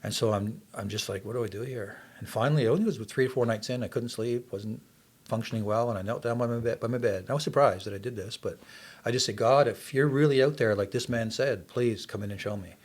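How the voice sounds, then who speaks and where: A man's voice: fairly low pitch, quick pace, breathy edge. A man in his sixties from Canada, earnestly telling his life story as a podcast guest. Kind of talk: testimony in casual interview.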